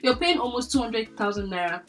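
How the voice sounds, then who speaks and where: A young woman in her twenties with a Nigerian accent, chatting casually to camera as a vlogger, lively, laughing often and filling with "like". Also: fairly high pitch, a little fast, faint music behind. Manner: chatty, animated, laughs often, many fillers like "like".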